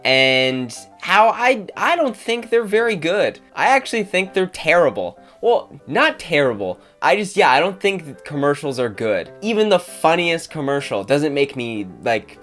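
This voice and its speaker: A man's voice: medium pitch, very animated, moderate pace, few pauses, fairly bright tone, soft background music. A man hosting a comedy YouTube video, rambling and self-mocking. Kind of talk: comedic vlog rant.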